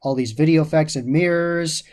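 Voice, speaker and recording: A man's voice: on the high side, normal speed, a little mellow. A man giving a casual, enthusiastic spoken review of a haunted attraction, often repeating how much he loved the details.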